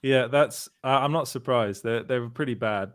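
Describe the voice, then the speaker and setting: A man's voice: mid-range voice, moderate pace. A man hosting a casual panel chat, laughing often and restarting his sentences. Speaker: show host.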